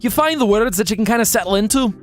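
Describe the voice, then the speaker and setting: A man's voice: sits high, expressive, quick pace, faint music behind, voice pushed up. A man voicing a cartoony, boisterous Scotsman with a put-on Scottish accent. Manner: boisterous, swaggering, sing-song. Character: cartoony brash Scotsman in a kilt.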